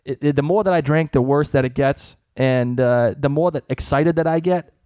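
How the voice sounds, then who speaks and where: A man's voice: fairly high pitch, normal speed, warm tone, clear, resonant tone, no echo, clean studio sound. A young man from Massachusetts with a Massachusetts accent, co-hosting a podcast in casual chat and laughing often. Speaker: podcast co-host.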